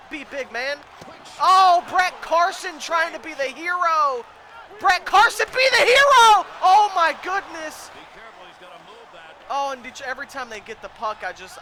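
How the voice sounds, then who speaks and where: A man commentating his own video game, pleading with and yelling at the players in a frantic way, his voice starting to go hoarse. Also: very high-pitched, background noise. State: voice going hoarse. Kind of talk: excited let's-play commentary.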